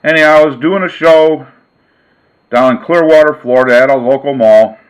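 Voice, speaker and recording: A man and sports card vlogger telling a casual story in a folksy, relaxed way. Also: mid-range voice, moderate pace, smooth, highs cut off.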